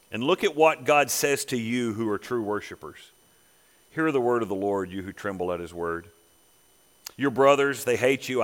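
A man preaching a sermon as pastor, swelling to emphatic peaks and dropping to quiet asides. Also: medium pitch, in a large hall. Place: church sanctuary.

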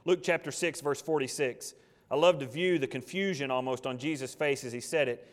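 A man preaching a sermon with passion, firing off rhetorical questions and swinging between loud and hushed. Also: medium pitch, a little fast, in a large hall.

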